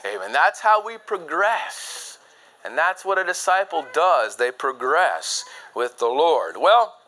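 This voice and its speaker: A man preaches an emphatic sermon, swinging from loud high points to quiet low asides. He reads scripture quickly in old-fashioned King James phrasing, and the audio is poor.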